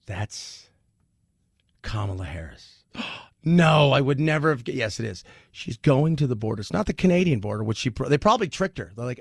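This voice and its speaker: Middle-aged guy doing talk radio, gravelly, blunt and sarcastic, dry close mic. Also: mid-range voice, animated, brisk, no room sound. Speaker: radio talk show host. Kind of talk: opinionated talk radio monologue. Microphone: studio mic.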